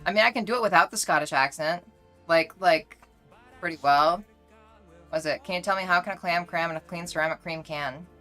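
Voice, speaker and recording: Low-voiced, bright-toned woman streamer. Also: a little fast, soft background music. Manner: chatty, rambling, frequent restarts. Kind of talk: casual live-stream chat with viewers.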